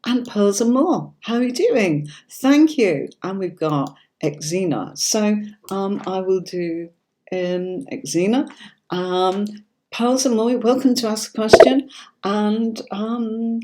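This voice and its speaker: A woman's voice: mid-range voice, slow pace, warm tone, slight background noise. A middle-aged woman from Yorkshire with a neutral standard British accent, hosting a live-streamed tarot reading in a chatty, reassuring way and often checking in with "okay?". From Yorkshire, England. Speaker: tarot reader and livestream host.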